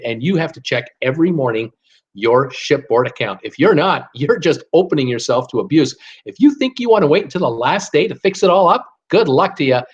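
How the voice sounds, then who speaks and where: A man's voice: on the high side, slightly rough, muffled recording. An older man hosting a live cruise talk, giving blunt, fired-up advice in a ranting manner. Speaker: cruise vlogger host.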